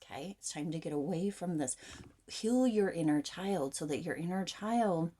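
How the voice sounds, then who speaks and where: A woman with a slightly low voice talks straight to the camera through a tarot reading. She is frank and rambling, and her sentences are full of fillers and restarts. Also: animated, moderate pace, warm tone. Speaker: tarot reader.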